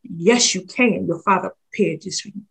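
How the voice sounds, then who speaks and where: A woman voicing a solemn male prophet who speaks in slow, grave commands, with a husky voice. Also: sits high, fairly bright tone, pitched below the performer's own voice, exaggerated voice.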